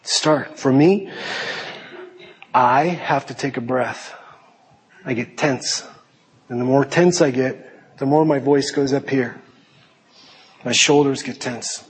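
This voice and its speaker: A middle-aged man preaching a sermon in a lively, joking way, slipping into put-on voices for effect. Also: slow pace, pauses often, slightly rough, big-room sound. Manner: animated, jokey, puts on high panicky voices. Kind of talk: sermon with acted asides.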